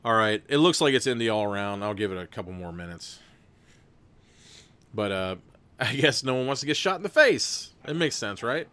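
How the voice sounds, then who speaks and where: In a fairly low, clear, resonant voice with a bit of brightness, a man narrates a gamebook on a livestream where chat votes on the choices. His sing-song delivery runs at a moderate pace with frequent pauses, and he rambles and laughs between passages.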